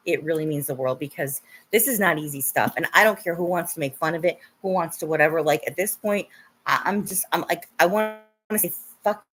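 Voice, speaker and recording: A young woman livestreaming and chatting with her viewers, laughing often and swearing when she gets upset. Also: deep voice. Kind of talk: casual livestream chat.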